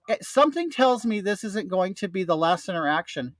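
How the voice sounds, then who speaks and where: An older man telling his audience a story in a casual, animated way, with plenty of swearing and a ranting edge. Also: high voice, brisk, dry recording.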